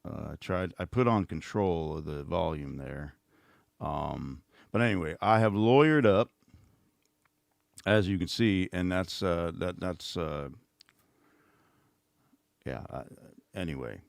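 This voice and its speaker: A middle-aged man rambles through a casual livestream with sarcastic, mocking asides. His voice sits very low and deep. The sound is dry and close, with no room around it. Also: animated, slow pace, vocal fry, long pauses, no room sound. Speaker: host.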